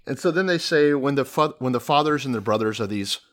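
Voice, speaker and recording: A man's voice: medium pitch, expressive, fast talker, a bit bright. A man co-hosting a podcast, chatting casually and sarcastically, sometimes reading passages aloud. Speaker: podcast co-host.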